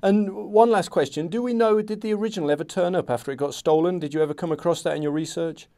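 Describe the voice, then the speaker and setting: A man's voice: a little high, fast, dark tone. A man hosting a history podcast, reading aloud from a novel and chatting with enthusiasm. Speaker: podcast host.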